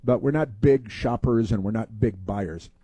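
A man with a mellow, dark voice hosts a mailbag segment in a loose, meandering monologue. He halts often, stacking fillers and restarts. The sound is dry and close. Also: fairly low pitch, slightly rough, no room sound. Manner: halting, many fillers and restarts. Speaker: podcast host answering listener mail. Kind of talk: casual rambling monologue.

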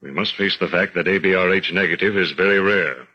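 An actor playing a grave, formal male hospital surgeon who speaks in a measured, clinical way, in 1940s radio acting, on a dull vintage recording. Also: sits low, breathy edge.

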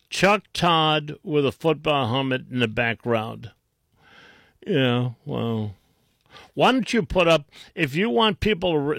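A male talk radio host in a dead-dry studio, speaking slowly and deliberately. His pitch sits a little high for a man, and his tone is scornful and mocking, full of stops and restarts. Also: vocal fry, fairly bright tone, no room sound. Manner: mocking, sarcastic, with many restarts. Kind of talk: combative talk radio commentary.

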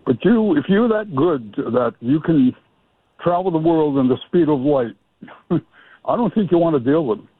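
Male radio caller, husky and rambling, phone-line sound. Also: fairly high pitch, animated, normal speed, no echo. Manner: rambling, hesitant. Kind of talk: call-in radio chat.

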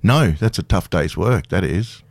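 A man's voice: deep voice, lively intonation, measured pace, vocal fry, no echo. A man in his fifties, a guest speaking candidly and self-deprecatingly in a casual radio interview, laughing easily. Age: 50s. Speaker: guest performer.

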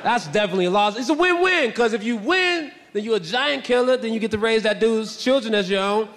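A male stand-up comedian telling stories in an animated, boisterous, self-mocking way. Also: high-pitched, a little fast, in a large hall. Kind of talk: stand-up storytelling.

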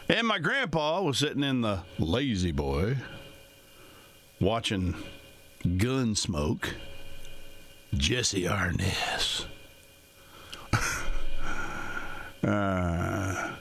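A man's voice: fairly low pitch, lively intonation, drawn-out words, creaky, long pauses, fairly bright tone, slight background noise. A middle-aged man hosting a talk radio show, rambling through folksy, nostalgic asides in a casual monologue.

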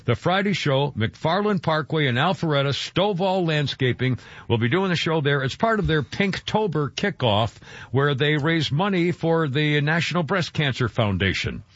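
Older guy radio host, kinda high voice, rambles and chuckles a lot, dull lo-fi radio sound. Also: expressive, normal speed, a bit bright, no room sound. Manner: rambling, chuckling, full of restarts. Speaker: radio talk show host. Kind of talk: casual talk radio chat. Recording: dull lo-fi radio broadcast, dry.

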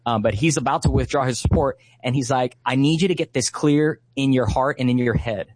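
A man's voice: medium pitch, brisk, a little mellow. A man in his thirties from Hawaii, a guest in an interview, telling a story earnestly and passionately with lots of fillers. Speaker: guest, Christian activist.

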